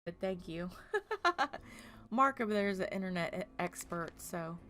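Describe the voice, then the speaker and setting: A woman's voice: fairly low pitch, expressive, normal speed, sharp tone. A woman from Oklahoma streaming a game, chatting casually with her viewers, laughing often and talking earnestly about her feelings. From Tulsa, Oklahoma.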